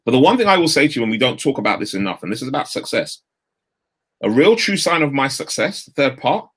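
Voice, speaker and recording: A man, giving an energetic, straight-talking motivational talk over a video call. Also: mid-range voice, fast, slightly rough. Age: 50s. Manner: energetic, straight-talking, uses London street slang. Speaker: guest speaker.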